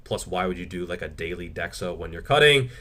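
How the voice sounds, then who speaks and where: A man's voice: sits low, animated, a little fast, sharp tone. A man answering viewer questions in a casual Q&A, reading each one aloud and then replying frankly, swearing freely. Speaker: fitness YouTuber.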